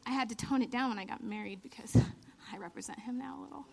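Animated high-voiced woman telling a story. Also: fast, creaky. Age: 30s. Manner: animated, laughing storyteller who acts out quotes. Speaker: church speaker. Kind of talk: storytelling sermon.

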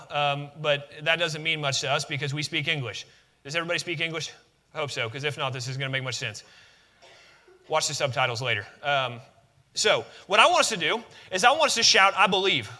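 A man preaching a sermon in a church, animated and conversational, leading the room in shouts. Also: a little high, fairly quick. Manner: animated, leads call-and-response shouts, conversational asides. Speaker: pastor. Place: church sanctuary.

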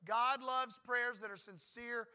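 Bright, high-voiced preaching pastor. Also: male voice, steady tone, slow pace, clear, resonant tone. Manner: conversational, emphatic, acts out prayers and God's replies. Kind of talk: sermon.

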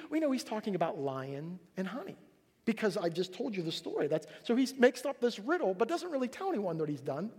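A male pastor tells the story with animated, joking energy and slips into voices for each character. His voice sits high. It carries a long echo through a large hall. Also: a little fast, husky. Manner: animated storytelling, acts out characters, jokey asides. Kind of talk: sermon.

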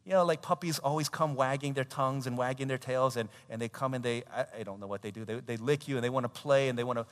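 Male pastor, sermon, animated storytelling, mid-pitched voice, long church reverb. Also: fast talker, few pauses. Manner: animated storytelling with acted quotes and laughter.

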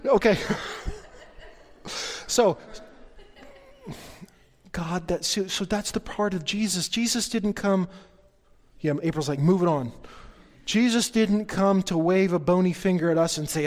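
Guy preaching in a big echoey hall, high voice, jokey then fired up. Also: unhurried, pauses often. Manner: playful, jokey asides to the congregation; builds to excited, bouncing energy. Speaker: pastor. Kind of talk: sermon.

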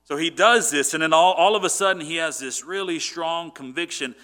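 Bright-voiced, earnest male preacher. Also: a little high, a little fast. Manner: earnest, conversational, frequent restarts. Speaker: pastor. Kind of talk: sermon.

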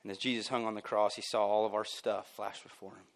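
A man preaching a sermon at a church service, emphatic and casual, jumping from loud bursts down to near-quiet lines and dropping in chuckling asides. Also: lowish voice, level tone, quick pace, gravelly. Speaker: pastor.

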